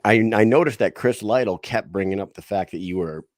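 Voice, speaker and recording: Co-host, male, low and dry, loose and swearing. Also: no room sound. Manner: loose, swearing, drawn-out phrasing. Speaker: podcast co-host. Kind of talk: casual interview.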